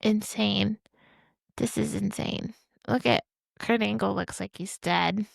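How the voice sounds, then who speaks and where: A woman podcast host giving casual, excitable commentary while watching wrestling matches, often breaking into exclamations. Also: mid-range voice, slow pace, vocal fry, no room sound.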